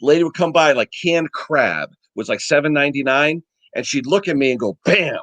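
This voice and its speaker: A man's voice: a little high, a little fast, dry recording. A middle-aged man chatting casually on a live stream, telling stories and acting out the people in them. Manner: animated storyteller, acts out quotes. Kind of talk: casual chat.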